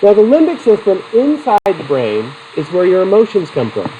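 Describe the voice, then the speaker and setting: At a moderate pace and in a voice that sits high, a middle-aged man teaches psychology, drawing students in with questions and his own stories. He's animated, but the recording is muffled and has slight background noise.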